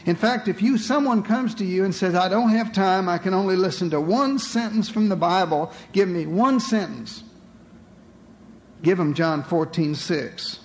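A man's voice: high voice, moderate pace. A man preaching a sermon to a congregation, with dramatic rhetorical questions, calling his listeners beloved.

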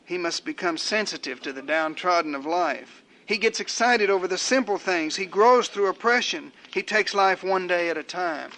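An older man delivers a sermon in a high, bright voice. He preaches in measured, rhetorical cadences, stacking up repeated phrases to drive each point home.

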